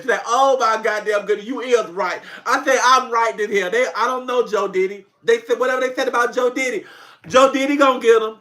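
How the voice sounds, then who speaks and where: A man with a high, bright, ringing voice talks on a casual livestream. He tells animated stories, laughs often and swears freely as he chats with his viewers. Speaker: comedy skit creator hosting a livestream.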